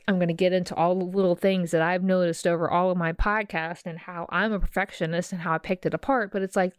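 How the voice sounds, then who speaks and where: A woman hosts her own podcast, delivering a rambling, impassioned casual monologue peppered with "okay?" asides and calling listeners "sis." She comes across as emotional and empathetic, her smooth, lowish voice recorded at studio quality with no room sound.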